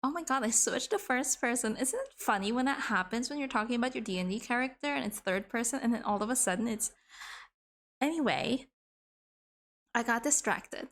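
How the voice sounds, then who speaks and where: A woman's voice: on the high side, lively intonation, fairly quick, fairly bright tone, a little hiss or hum. A woman livestreamer chatting casually while she draws, rambling and swearing now and then into a desk microphone. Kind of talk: casual chat while drawing on stream.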